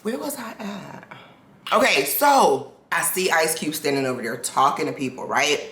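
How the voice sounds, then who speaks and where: A woman in her forties telling a personal story to her own camera, animated and restarting sentences. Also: low voice, normal speed, reverberant. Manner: animated, restarts sentences, acts out quoted people. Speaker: vlogger. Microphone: self-filmed camera.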